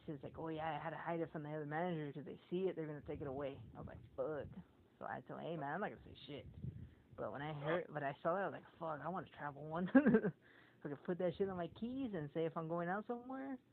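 Over tinny, phone-like audio with a little background noise, a man co-hosting a podcast talks fast in a voice on the high side. His casual chat is full of rambling, foul-mouthed stories in which he acts out what others said.

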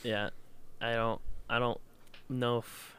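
A man's voice: medium pitch, level tone, slow, bright, forceful tone, slight background noise. A man co-hosting a casual chat, hesitant and rambling, often restarting and laughing. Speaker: podcast co-host.

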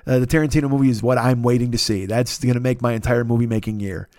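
A man in his fifties talks quickly and loosely through a solo podcast monologue, excitable and swearing freely. His voice sits at an ordinary pitch and is caught close on the mic with a dry, roomless sound. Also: no echo. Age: 50s. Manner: profane, rambling and excitable. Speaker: podcast host.

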